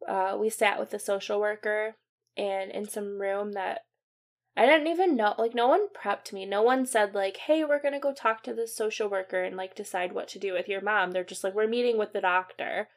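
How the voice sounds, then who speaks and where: A young woman hosting a podcast, recounting a personal story in a halting way, full of fillers and restarts, dropping quiet at the sad parts. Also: medium pitch. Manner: quiet and subdued at sad moments. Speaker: podcast host.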